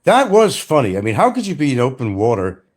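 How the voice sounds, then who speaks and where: An older retired man hosts a casual livestream, rambling bluntly and profanely, mocking people and laughing often. His mid-range voice swoops wildly in pitch, and he talks briskly.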